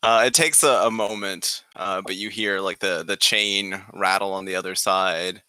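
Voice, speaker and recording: A man's voice: low-pitched, fairly even intonation, moderate pace, pushed and bright, no echo. A man narrating a tabletop game as game master, hesitant with many fillers and frequent laughter.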